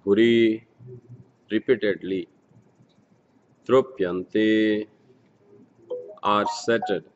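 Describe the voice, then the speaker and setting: A man reads scripture at an unhurried, deliberate pace, chanting each verse several times before translating it word by word. His voice sits at an ordinary middle pitch. The sound is muffled and lo-fi, with a long reverb trailing behind it. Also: fairly even intonation. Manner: slow, measured recitation, verses repeated several times. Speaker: scripture reader and speaker. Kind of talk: scripture reading with Sanskrit chanting.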